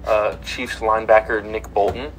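A man's voice: on the low side, level tone, moderate pace, slight background noise, low-quality recording. A man hosting a casual podcast, reading sports news items aloud with plenty of ums and uhs. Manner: reads headlines with many fillers.

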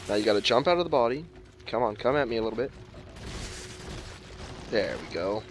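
A man's voice: mid-range voice, expressive, a little fast, background noise. A man playing a video game and commenting casually, swearing often and snapping back at the game with exasperated outbursts. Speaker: let's play gamer.

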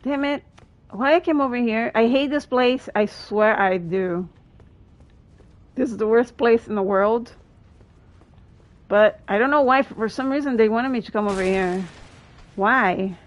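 Woman streamer talking slow while she games, chatty, lots of exclaiming, kinda high voice. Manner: chatty, exclaims and laughs often. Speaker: gaming streamer. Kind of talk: live gameplay commentary with chat.

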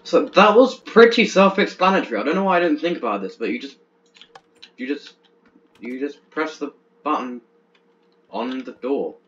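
A young man doing let's-play commentary on a horror game, chatty and easily excited, tripping over his words in bursts. His pitch sits in an average range. The recording is dull and lo-fi, with a faint hiss under it. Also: moderate pace, pauses often. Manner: chatty, jumpy, stammers when excited. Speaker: gaming channel host.

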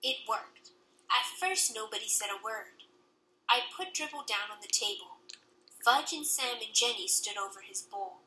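A woman narrating a children's audiobook in the first person, with lively storytelling and voices for the characters. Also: on the high side, moderate pace. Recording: roomy echo.

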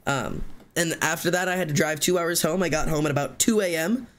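A man streaming live, telling a long story in casual chat, rambling and fast with many fillers and restarts. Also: a little high, a bit bright.

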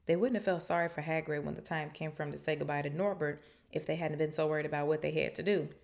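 A woman podcast host reading a novel aloud and breaking off for chatty, animated asides. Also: deep voice, fast, creaky. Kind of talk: reading aloud with casual commentary.

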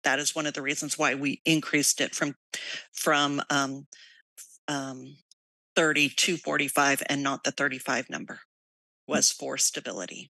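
Bright, dry staff voice explaining. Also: mid-range voice, little pitch movement, measured pace, gravelly, dry recording, low-quality recording. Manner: plain, explanatory, some restarts. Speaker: district staff answering questions. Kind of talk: public meeting answers.

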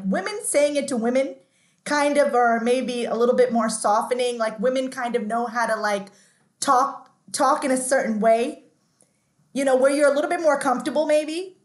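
A woman with a fairly high voice talks as a podcast guest, candid and chatty, circling back with lots of "like"s. Her voice rings in a noticeably echoey room. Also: a little fast. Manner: chatty, restarts often, says "like" a lot. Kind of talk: candid interview storytelling.

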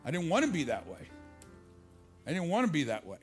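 High-voiced older man preaching. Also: wildly swooping pitch, brisk, faint music behind. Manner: preaching with rising pitch on repeated lines, then dropping low and confiding in stories. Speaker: pastor. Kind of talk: sermon. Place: church stage before a congregation.

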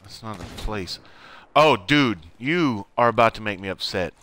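A man's voice: lowish voice, animated, moderate pace, a bit bright, slight background noise. A man streaming live gameplay, talking to himself with frantic exclamations and swearing.

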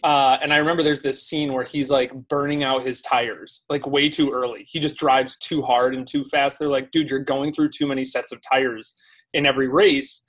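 A man as a podcast guest in a casual conversation, talking in an animated way with lots of "like" fillers. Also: mid-range voice, moderate pace.

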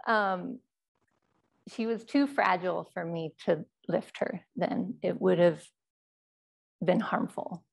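A woman Zen teacher telling a personal story in a dharma talk, speaking in a quiet, measured, halting way. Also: lowish voice, gravelly.

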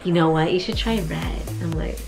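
A woman's voice: lowish voice, normal speed, creaky, over music. A young woman in her twenties talking to the camera at home in a playful, goofy way, sprinkling Spanish phrases into her vlog. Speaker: vlogger. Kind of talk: casual vlog talk to camera.

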